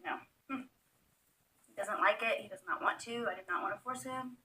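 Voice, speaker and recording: A woman's voice: fairly high pitch, fairly quick, pushed and bright, slight background noise, rough recording. A young woman chatting casually at home while filming her pet monkey, coaxing it and laughing often. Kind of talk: casual chat. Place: home room.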